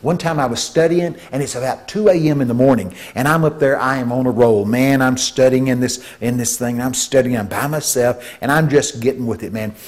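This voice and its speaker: A man preaching a sermon, telling stories with vocal sound effects and swinging between hushed tones and shouts. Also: medium pitch, fairly quick, hardly any pauses. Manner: shifts from hushed to shouting for emphasis.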